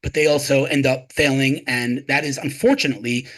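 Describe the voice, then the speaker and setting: A man's voice: mid-range voice, steady tone, brisk, fairly bright tone. A man talking passionately as an interview guest, emphatic and full of rhetorical questions and repeated phrases. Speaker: guest, tech advocate.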